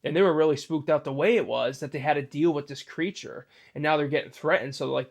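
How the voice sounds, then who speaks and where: A man's voice: on the high side, fast, vocal fry, hardly any pauses. A man, host of his own channel, telling a creepy story in a loose, rambling way full of fillers and restarts. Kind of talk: casual spoken storytelling.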